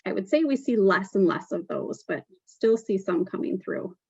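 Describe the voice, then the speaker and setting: Woman presenter, mid pitch, steady explanatory delivery with fillers, dry muffled webinar sound. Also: moderate pace, breathy edge, no echo.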